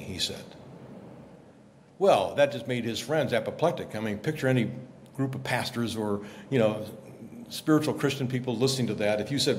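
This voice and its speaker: A man, a guest journalist, explaining scripture in a lively conversational way, acting out quotes as he tells the story. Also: mid-range voice, moderate pace, slight background noise. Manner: animated storyteller, acts out quotes. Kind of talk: conversational Bible teaching.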